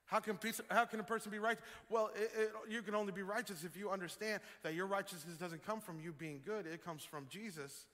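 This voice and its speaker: A man preaching a sermon as pastor, animated, swinging up to loud emphatic peaks. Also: high-pitched, a little fast, few pauses. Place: church sanctuary. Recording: long hall reverb with faint music.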